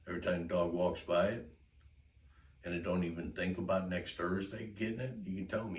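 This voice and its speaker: A man's voice: low voice, little pitch movement, fairly quick, slight background noise. A man giving casual, folksy, rambling dog-training advice, chuckling often. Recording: roomy, distant mic, faint ambience.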